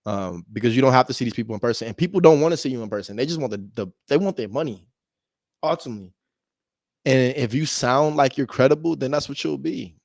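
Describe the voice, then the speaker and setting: A man's voice: medium pitch, quick pace, vocal fry, dry recording. Laid-back slangy young man, dry close sound. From United States. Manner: laid-back slangy, laughs often, talks to viewers as "bro". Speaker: real estate wholesaler cold calling. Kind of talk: casual vlog talk between phone calls.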